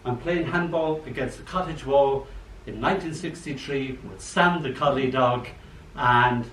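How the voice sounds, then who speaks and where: An older man reading his poems at an open mic, chatty and animated, acting out the voices in his stories. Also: mid-range voice. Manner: chatty, animated storyteller who acts out quotes. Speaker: poet. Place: old library room. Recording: echoey room, mic far off, faint hum.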